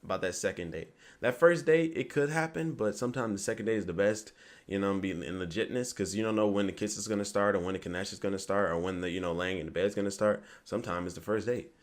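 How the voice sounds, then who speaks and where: A man's voice: lowish voice, quick pace. A young man giving rambling casual dating advice to camera, often asking "you get me?". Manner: rambling, repeats "you get me", acts out quoted lines.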